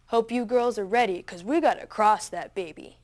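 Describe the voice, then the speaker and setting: A woman's voice: medium pitch, normal speed, darkish tone, close to an everyday voice. A woman voicing a smug, teasing seventeen-year-old boy who shows off to his younger sister's friend. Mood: taunting. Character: cocky seventeen-year-old boy, show-off big brother.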